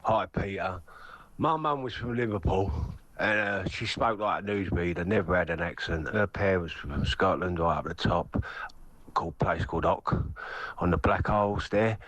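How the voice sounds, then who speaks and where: A man's voice: low voice, moderate pace, a bit bright, no echo, rough recording. A man with an East London accent speaking plainly in a voice note to a radio show. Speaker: listener sending a voice note.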